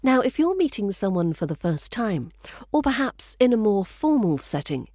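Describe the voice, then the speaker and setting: A woman's voice: mid-range voice, very animated, moderate pace, mellow, no room sound, clean studio sound. A woman with a British accent giving a scripted pronunciation lesson, speaking carefully and repeating each phrase as a model. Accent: British English. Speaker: accent coach.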